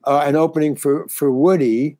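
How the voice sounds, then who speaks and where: An older man, a comedian guest in a casual interview, tells rambling stories full of restarts and acts out the dialogue he quotes. His voice is a little high, steady and mellow at a normal speed, with no echo.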